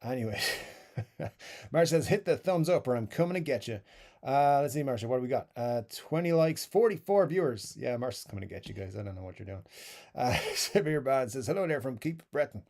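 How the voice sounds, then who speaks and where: A man's voice: medium pitch, animated, fairly quick, creaky, darkish tone. A middle-aged Irish man hosting a live stream, chatting casually and reading out viewer comments with easygoing, self-deprecating asides. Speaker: YouTube live stream host.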